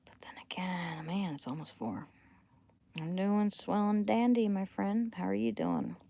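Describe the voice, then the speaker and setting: Slow, gravelly-voiced woman streaming late at night. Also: medium pitch, lively intonation. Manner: rambling, drifting between thoughts while reading chat; often drops to a hushed near-whisper. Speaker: livestreamer. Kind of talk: casual late-night livestream chat.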